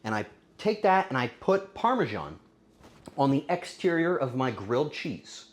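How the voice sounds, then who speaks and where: A man streaming casually while cooking and tasting, joking crudely and bursting into loud exclamations. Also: medium pitch, big pitch swings, moderate pace. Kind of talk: casual cooking livestream chatter.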